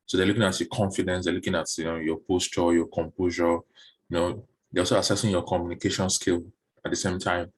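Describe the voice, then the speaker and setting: A man coaching job seekers through interview questions in a relaxed online session, often repeating words while he thinks, heard over a video call. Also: low-pitched, fast, breathy edge.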